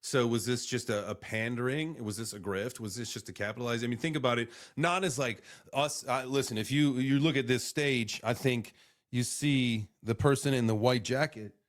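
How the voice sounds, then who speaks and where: A man's voice: medium pitch, normal speed. A man hosting a casual live crypto reaction stream, rambling and swearing as he reacts to clips. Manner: rambling, profane, animated.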